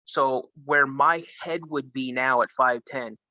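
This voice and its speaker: A man from Minnesota, a guest telling a story in a casual, animated way. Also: medium pitch, slow pace, no room sound. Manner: animated, acts out the voices of others. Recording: dull lo-fi sound.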